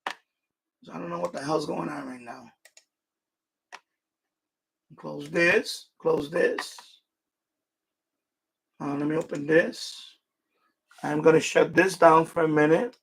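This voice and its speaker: A man's voice: on the high side, steady tone, slow, creaky, long pauses, a bit bright, slight background noise. A man hosting a casual live stream. He rambles, restarts his sentences and swears now and then at his equipment. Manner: rambling, frustrated asides and mild swearing; repeats himself and restarts sentences.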